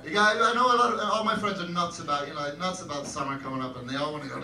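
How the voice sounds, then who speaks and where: A man performing a stand-up comedy set on a club stage, wry and self-deprecating, with loud shouted bits. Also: on the high side, quick pace, recorded from a distance. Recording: echoey club recording, crowd laughter.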